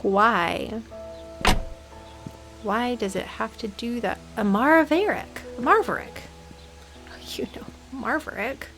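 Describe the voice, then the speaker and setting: A woman's voice: a little high, lively intonation, takes it slowly, pauses often. Playful woman gamer over game music. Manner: playful, dramatic, giggly. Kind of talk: casual let's-play commentary.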